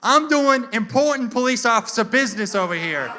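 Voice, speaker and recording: A man's voice: very high voice, animated, a little fast, pushed and bright, a little hiss or hum, voice pushed up, full character voice. A man on stage voicing a pushy, self-important male police officer who barks his demands. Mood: barking. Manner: barking, gruff.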